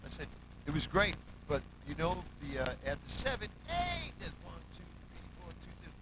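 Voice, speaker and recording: A man's voice: a little fast, noisy background. A man, a musical director, telling stories in a casual interview, acting out quotes and humming and counting out music. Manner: animated, acts out quotes, hums bass lines and counts beats.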